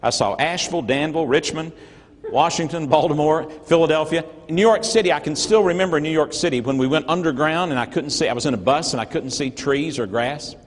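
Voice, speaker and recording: Middle-aged man, earnest motivational speaker, slightly high voice, reverberant hall. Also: brisk. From North Georgia, USA. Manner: earnest, folksy storyteller with emphatic swings in loudness. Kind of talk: storytelling keynote speech to a live audience.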